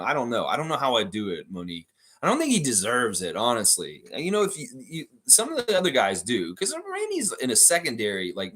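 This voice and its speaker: A man's voice: mid-range voice, a bit bright. A man hosting a casual sports reaction livestream, reading viewer comments aloud and answering them in a chatty way.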